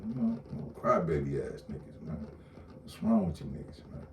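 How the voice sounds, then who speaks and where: A man's voice: rumbling low, expressive, normal speed, a little hiss or hum. A man in a casual, profane rant, blunt and repetitive, heard from a distance in an echoey room. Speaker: online commentator. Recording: roomy echo, distant mic, faint ambience.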